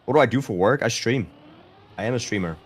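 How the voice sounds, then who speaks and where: A man's voice: medium pitch, fast talker, slightly rough. A man in his thirties with a light Danish accent, chatting casually on a game stream and answering chat. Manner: easygoing, chatty, self-deprecating.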